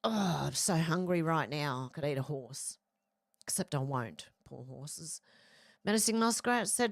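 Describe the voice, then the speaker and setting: A woman's voice: deep voice, expressive, measured pace, vocal fry, no echo, clean studio sound. An Australian woman hosting a livestream, casually reading viewer comments aloud and chatting bluntly. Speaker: livestream host reading chat. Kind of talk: casual live chat.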